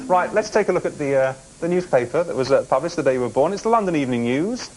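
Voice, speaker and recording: A man's voice: on the high side, expressive, quick pace, few pauses, a crowd in the background, low-quality recording. A man hosting a TV quiz show in a studio, bantering and teasing the contestants between questions. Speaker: game show host.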